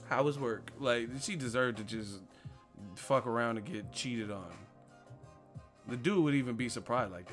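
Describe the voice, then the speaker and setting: A male boxing channel host rants on a live stream in a mid-pitched voice, full of slang and profanity. He tells stories and analogies with animated energy, and faint music plays behind him. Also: a little slow.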